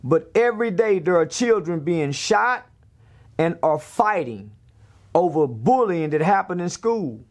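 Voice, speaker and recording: A man's voice: high-pitched, sing-song, a little slow. A man giving a blunt, preachy rant in a podcast interview, firing off rhetorical questions. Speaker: interview guest.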